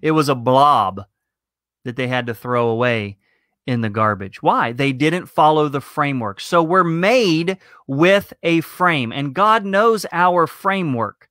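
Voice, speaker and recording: A middle-aged man, a pastor, giving a slow, emphatic teaching sermon full of rhetorical questions. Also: a little high, animated, a bit bright, no room sound, clean studio sound.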